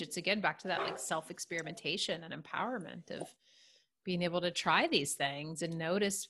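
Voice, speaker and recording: A woman's voice: fairly low pitch, lively intonation, moderate pace, fairly bright tone. A woman hosting a conversational interview, reflecting thoughtfully and asking curious questions. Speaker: podcast host.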